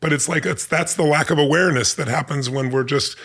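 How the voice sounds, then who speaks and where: A man hosting a podcast, talking in an energetic, earnest way and telling stories in casual conversation. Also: a little high, fairly quick. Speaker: podcast host.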